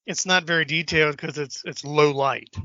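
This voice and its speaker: A man co-hosting a podcast in casual chat, animated and acting out film lines. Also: moderate pace, no room sound. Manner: animated, acts out movie lines in a high voice. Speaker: podcast co-host. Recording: dull lo-fi podcast audio.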